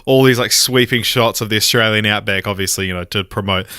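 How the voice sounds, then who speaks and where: A man co-hosting a podcast, chatting casually and cutting in with quick quips. His voice sits on the low side but has a bright, forceful edge. The recording is dry and close. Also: clean tone, no room sound. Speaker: podcast co-host.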